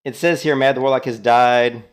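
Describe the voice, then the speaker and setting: A man in the middle pitch range talks through a game session in a relaxed, chatty way. He sounds amused as he reads out and retells what other players said in chat. His tone stays loose and unscripted. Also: normal speed, a little hiss or hum. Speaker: game streamer. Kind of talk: casual gameplay commentary.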